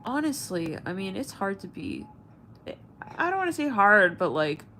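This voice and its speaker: A woman's voice: mid-range voice, very animated, normal speed, sharp tone, slight background noise, low-quality recording. A woman tarot reader and channel host chatting casually to her viewers, rambling, swearing, and searching for her words with many fillers. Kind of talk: casual livestream chat.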